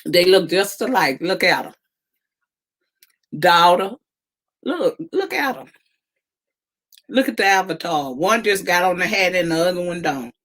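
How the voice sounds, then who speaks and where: Slow-talking teasing woman livestreamer. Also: lowish voice, expressive, fairly bright tone. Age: 20s. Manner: teasing, laughing, drawn-out exclamations. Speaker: livestream host. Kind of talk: casual livestream chat with viewers.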